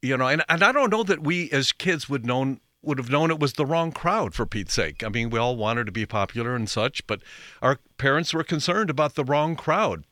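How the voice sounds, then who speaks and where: A man's voice: mid-range voice, animated, normal speed, sharp tone, no room sound, clean studio sound. Folksy, rambling man hosting a talk show. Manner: folksy, rambling, self-correcting. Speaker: show host.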